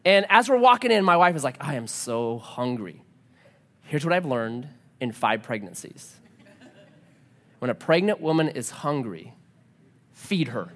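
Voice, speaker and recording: A man's voice: a little high, moderate pace, pauses often. A man preaching a sermon, telling a personal story and acting out the dialogue. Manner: animated storytelling, acts out dialogue. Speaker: pastor.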